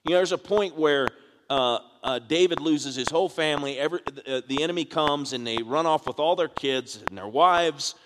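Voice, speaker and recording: A pastor with a slightly high male voice preaches a sermon at a moderate pace, asking the congregation questions as his delivery grows more forceful. The recording is from an echoey hall with background noise.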